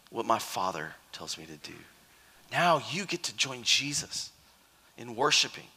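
A man preaching a sermon in a lively, conversational way, acting out the quotes he tells. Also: medium pitch. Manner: animated, conversational, acts out quotes. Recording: hall reverb.

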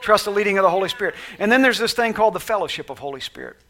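A male pastor preaching an animated, conversational sermon who slips into acted-out quotes. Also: high voice, rapid-fire.

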